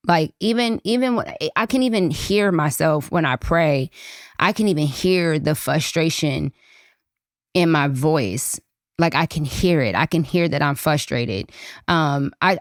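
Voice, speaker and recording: A woman in her thirties with a low voice hosts her podcast, musing on a Bible passage. She talks in a chatty, informal way, often repeating and restarting her phrases. Her voice sounds dry and close, with no room echo. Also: clear, resonant tone. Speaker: podcast host. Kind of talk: personal Bible reflection.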